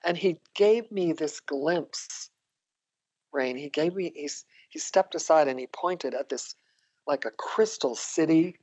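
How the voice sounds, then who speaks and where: A woman's voice: deep voice, measured pace, darkish tone, breathy edge, poor audio. An older woman, a guest on a podcast, telling reflective personal stories and laughing often. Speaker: interview guest, psychotherapist. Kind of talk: conversational storytelling.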